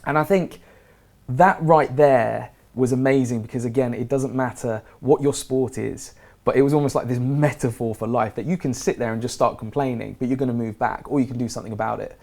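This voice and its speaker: Man, gravelly, mid-pitched, animated, casual storytelling, podcast guest. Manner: animated, laughs often, quick restarts.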